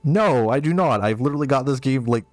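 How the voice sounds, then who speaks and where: A man's voice: medium pitch, animated, fast talker, a little mellow, dry recording, soft background music. A man streaming a game live and reading chat, flustered, self-mocking and rambling.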